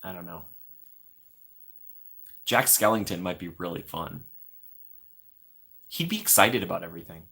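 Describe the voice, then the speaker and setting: A man's voice: sits low, unhurried, long pauses, bright, forceful tone. A man chatting casually with his viewers on a livestream from home, rambling and laughing often.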